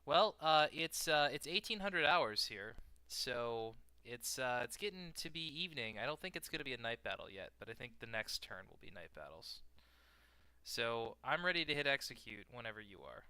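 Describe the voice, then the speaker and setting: A man narrating a strategy match in an easygoing, rambling way, full of jokes and filler words. His voice is very bright and sharp, with a smooth, crisp tone. The sound is close and dry, with no room around it. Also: mid-range voice, big pitch swings, normal speed, no room sound. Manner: rambling, joking banter with frequent fillers. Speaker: multiplayer strategy game player and co-host. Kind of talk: casual gameplay commentary.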